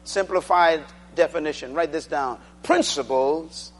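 A man preaching a sermon, drilling the congregation to repeat phrases and swinging between loud declarations and quiet asides. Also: on the high side, a little slow.

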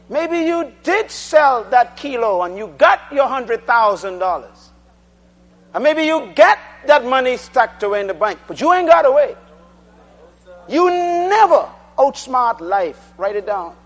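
A man preaching a sermon, drilling the congregation to repeat phrases and swinging between loud declarations and quiet asides. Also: very high voice.

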